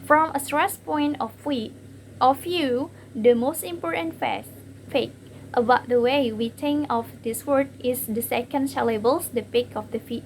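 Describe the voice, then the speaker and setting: A young Indonesian-accented woman presents to her class from slides, reading haltingly with lots of fillers and repeated words. Her voice is a little high, and the rough recording has a bit of hiss or hum.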